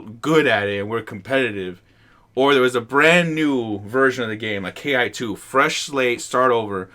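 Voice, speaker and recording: Bright-voiced joking man hosting. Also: mid-range voice. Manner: loud, joking, interrupts a lot. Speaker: podcast host. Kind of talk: casual chat.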